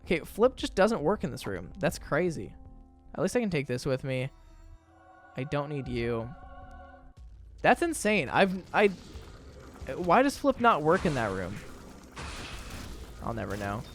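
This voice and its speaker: A young man talks his way through a game run in a loose, rambling stream of thought, getting mock-outraged over small things. His voice sits a little high and swings widely up and down. Soft music plays behind him. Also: unhurried, pauses often. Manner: chatty, rambling, animated, exaggerated indignation. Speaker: gaming video creator. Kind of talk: casual gameplay commentary.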